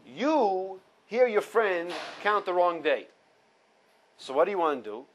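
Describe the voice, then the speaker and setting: A man's voice: high-pitched, big pitch swings, measured pace, rough recording. A man teaching an informal halacha class, reading Hebrew sources and explaining them in English step by step. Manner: explains step by step, repeats key points, mixes Hebrew quotes with English. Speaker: Torah teacher.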